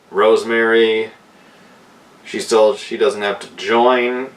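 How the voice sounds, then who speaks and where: Slow, low-voiced man reviewing a film. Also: a bit bright. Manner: unhurried plot retelling with fillers and restarts. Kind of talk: casual spoken film review. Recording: voice distant from the mic.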